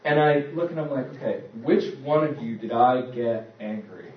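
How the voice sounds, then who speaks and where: Pastor preaching in an echoey church. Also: male voice, medium pitch, expressive, moderate pace. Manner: conversational storytelling, acts out voices. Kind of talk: sermon. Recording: echoey, distant, dull church recording.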